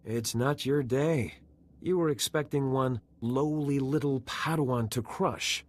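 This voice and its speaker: A man's voice: medium pitch, measured pace, lightly acted. An actor playing a proud, zealous male Jedi Knight in a video game, who speaks in a righteous, combative way.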